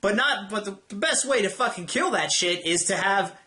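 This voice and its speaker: A young man rants through a weekly show review, blunt and exasperated, swearing freely. His voice sits a bit high with a bright, sharp edge. He sounds casual and irritated rather than polished. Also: expressive, moderate pace.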